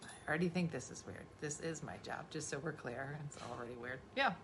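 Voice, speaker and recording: A woman's voice: sits low, fairly quick, background noise. A middle-aged woman from New Jersey, a comedian, chatting casually with her kid in a dry, teasing, sarcastic way. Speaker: comedian and podcast host.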